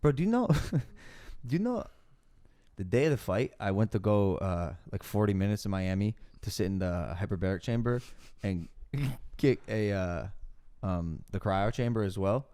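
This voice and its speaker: A young man in his twenties hosting a casual podcast chat, telling stories in an animated way and swearing freely. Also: fairly low pitch, normal speed. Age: 20s. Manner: animated storytelling, heavy swearing. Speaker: podcast host.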